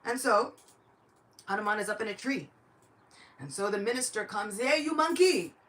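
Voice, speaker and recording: A woman giving a devotional lecture, telling a sacred story in a lively, chatty way. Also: mid-range voice, normal speed.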